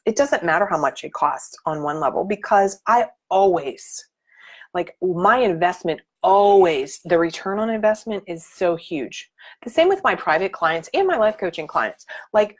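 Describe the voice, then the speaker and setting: A middle-aged woman with a slightly low voice coaches her viewers on a casual live stream. She talks in an animated, motivational way, leaning hard on key points. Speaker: life coach.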